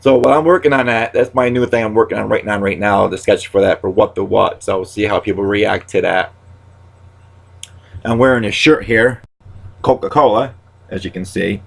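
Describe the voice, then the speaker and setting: A man in his thirties, a stand-up comic, speaks to camera in a loose, rambling monologue packed with restarts and pet catchphrases. His voice sits on the low side and is creaky, with fairly even intonation and a moderate pace. When he talks about loss, he turns quiet and subdued.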